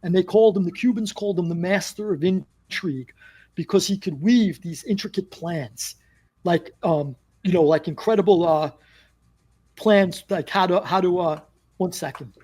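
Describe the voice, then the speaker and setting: A man with a New York accent recounts a story in a relaxed interview. His voice sits fairly high, and he slips into the voices of the people he quotes. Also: moderate pace, husky. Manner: animated storyteller acting out quoted dialogue. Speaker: former mobster guest.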